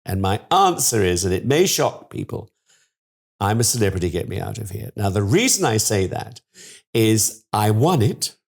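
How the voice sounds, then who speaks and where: A man's voice: fairly low pitch, sing-song, normal speed, vocal fry, husky. An older man, a guest in an interview, telling stories in a theatrical, gushing way and laughing often. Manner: theatrical, gushing storyteller who laughs a lot. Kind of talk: anecdotal interview chat.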